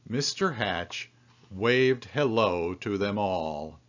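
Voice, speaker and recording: A man reading a children's picture book aloud, telling the story in an expressive way. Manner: slow, expressive storytelling with lively pitch swings. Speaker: storybook reader. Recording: dull lo-fi recording.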